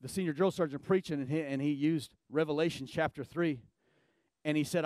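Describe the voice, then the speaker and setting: Emphatic high-voiced male pastor preaching. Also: fairly quick, dry recording. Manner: emphatic, swinging from low and quiet to loud and shouting. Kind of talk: sermon.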